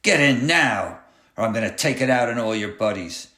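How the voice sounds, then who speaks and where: With lively intonation and a bright, forceful medium-pitched tone, a man at a moderate pace voices a taunting clown who drives a school bus. Sneering and bossy, he barks menacing threats inside a roomy, echoing space.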